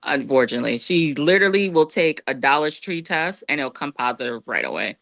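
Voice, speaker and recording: A woman guest on a podcast, telling a personal story in a casual, lively way and acting out what others said. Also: fairly quick, vocal fry, no echo. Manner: lively, acts out quoted voices with big pitch jumps.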